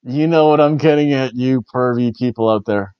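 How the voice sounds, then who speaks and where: Rambling, wry wrestling review host. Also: male voice, mid-range voice, normal speed, clean tone, dry recording, dull audio. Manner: wry, rambling, jokey asides. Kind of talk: casual review chat.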